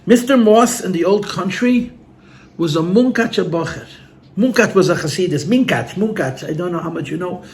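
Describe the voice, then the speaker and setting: A rabbi speaks to a gathering at a normal speed, his high voice expressive as he tells sincere stories. He repeats his words and sprinkles in Yiddish and Hebrew terms for the listeners in the room.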